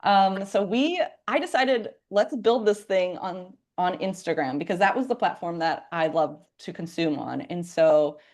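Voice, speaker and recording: A woman in her thirties tells her story in a relaxed, chatty way. Her voice sits a little low for a woman, and she fills her sentences with ums and likes as she goes. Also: unhurried, hardly any pauses. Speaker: real estate agent. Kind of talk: casual chat.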